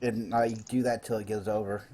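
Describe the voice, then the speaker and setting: A man's voice: fairly low pitch, flat delivery, fairly quick, dark tone, slight background noise. A man running a live online tabletop game as dungeon master, chatty and explaining rules with fillers.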